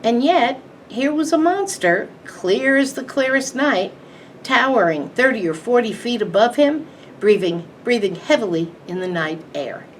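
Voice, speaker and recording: A woman librarian reading a children's book aloud in an expressive, measured way. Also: on the high side. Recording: distant mic, faint background hiss.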